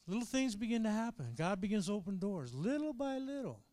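A man preaching a sermon to his congregation, animated, calling out for amens and swinging between quiet asides and shouted high points. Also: a little fast, few pauses, no room sound. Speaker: pastor.

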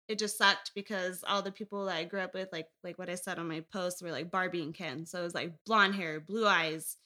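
A woman's voice: on the low side, sharp tone. A young woman guest on a casual podcast interview, telling her story candidly in a rambling way and laughing often.

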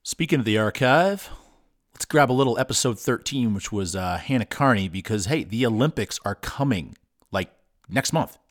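A man's voice: mid-range voice, lively intonation, normal speed. A man hosting a podcast in a laid-back, friendly way. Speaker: podcast host.

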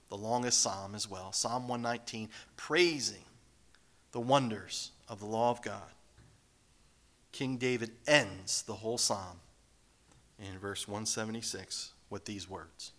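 A man preaching a sermon in an emphatic way, swinging from raised declarations down to hushed, whispered lines. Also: lowish voice, fairly even intonation, measured pace.

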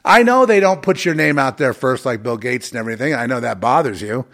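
A man's voice: medium pitch, lively intonation, a little fast, fairly bright tone. A man hosting his own podcast, delivering an angry, profane and sarcastic solo rant. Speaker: podcast host.

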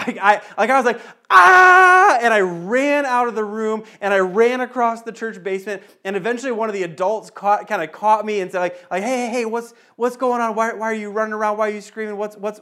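Animated high-voiced man preaching a sermon. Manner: animated storytelling, repeats phrases for emphasis. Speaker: pastor. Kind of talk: sermon with personal story.

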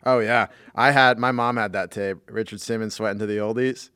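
Guy cohosting a podcast, bright crisp voice, dry close mic, laughs a lot. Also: on the low side, steady tone, brisk, dry recording. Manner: laughs often, bursts into shrieking impressions. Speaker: podcast co-host. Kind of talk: casual chat with impressions.

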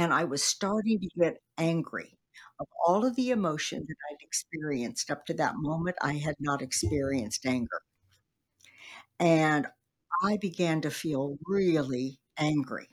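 A woman's voice: low-pitched, expressive, measured pace, slightly rough. A middle-aged woman minister, a guest giving an earnest faith testimony in an interview. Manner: earnest storytelling with quoted prayers.

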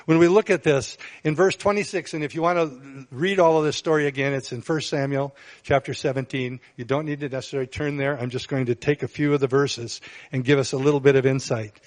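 A man's voice: fairly even intonation, brisk, a little mellow. A man preaching a sermon as pastor, earnest, with bursts of emphasis. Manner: earnest, rises in pitch and volume for emphasis.

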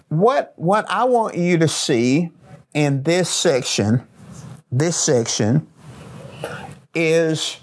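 A middle-aged man preaching a sermon as pastor, repeating phrases with slow, emphatic rhythm. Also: a little high.

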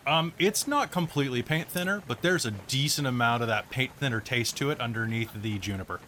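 A man running a tabletop role-playing game as game master, narrating in a relaxed, chatty way with frequent fillers. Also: mid-range voice, a little fast, slight background noise.

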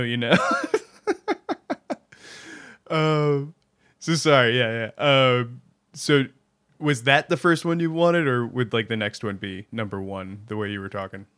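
A baritone man co-hosting a podcast in casual chat, rambling and hedging, and laughing often. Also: fairly bright tone, smooth. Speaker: podcast co-host.

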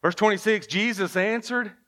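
A man delivers a sermon in an animated storytelling way, pulling listeners in with rhetorical questions. He reads King James verses aloud between his own comments. His voice sits a little on the high side. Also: normal speed. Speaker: preacher.

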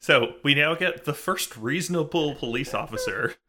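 A man's voice: on the high side, expressive, moderate pace, crowd noise. A man co-hosting a podcast, recapping a show's plot in casual chat, easily exasperated and working through fillers and restarts. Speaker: podcast co-host recapping episodes.

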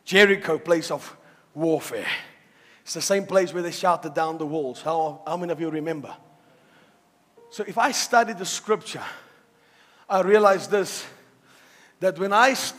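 A male preacher with a very high, bright, forceful voice delivers a sermon in a church hall. He swings from loud shouts to hushed, intense passages and repeats words for emphasis. His voice rings with a long reverb from the hall. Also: measured pace, long pauses.

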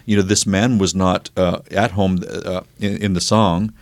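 An easygoing man with an Oklahoma accent, talking in a low, unhurried voice as he muses aloud with plenty of fillers. He sounds close to the mic in a dry, dead studio, chatting casually as a radio co-host. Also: flat delivery, no echo. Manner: musing, easygoing, many fillers. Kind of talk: casual chat.

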